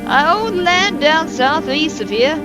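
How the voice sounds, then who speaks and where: A woman's voice: high-pitched, animated, takes it slowly, music in the background, voice pushed up. A woman voicing a hot-tempered older male farmer with a blustering drawl in a game.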